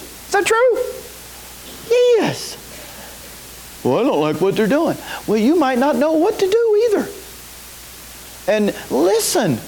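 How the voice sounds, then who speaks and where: A man's voice: very high voice, low-quality recording. A man preaching a sermon to a congregation, often asking "is that right?" and waiting for a response. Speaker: pastor. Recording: faint hiss.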